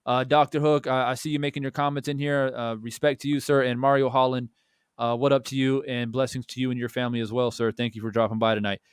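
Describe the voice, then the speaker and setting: A man's voice: medium pitch, fast talker, smooth, dry recording, clean studio sound. A young adult man hosting a boxing talk show, speaking in a casual, blunt way with swearing and many restarts while he tells a story. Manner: animated storytelling with many restarts and repeated words. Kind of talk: casual chat.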